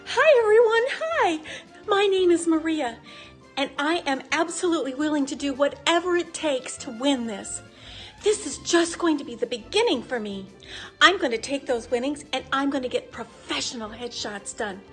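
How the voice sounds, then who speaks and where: A woman's voice: high voice, normal speed, faint music behind, natural voice. A woman playing an eager young game show contestant who will do anything for Hollywood fame, gushing and over the top.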